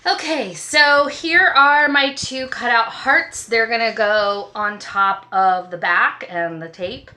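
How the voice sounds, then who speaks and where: A woman art teacher walking through a craft project step by step, gentle and reassuring. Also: fairly high pitch, takes it slowly, hardly any pauses. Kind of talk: craft tutorial.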